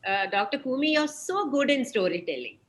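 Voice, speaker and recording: A woman teacher from the audience praising the speaker warmly before asking a question. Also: high-pitched, big pitch swings, fairly quick.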